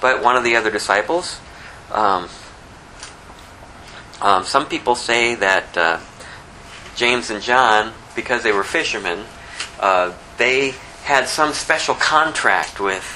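Bright-voiced man teaching scripture. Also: fairly low pitch, lively intonation, takes it slowly, long pauses, slight background noise, low-quality recording. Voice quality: says he has a lisp. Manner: conversational, reads scripture then explains it. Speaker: pastor. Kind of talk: verse-by-verse Bible teaching.

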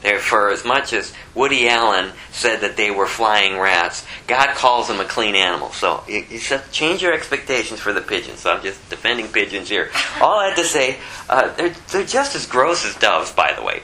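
A man's voice: fairly low pitch, big pitch swings, moderate pace, pushed and bright, slight background noise, rough recording. A man giving a casual Bible teaching, rambling with conversational asides. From Phoenix area. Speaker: preacher.

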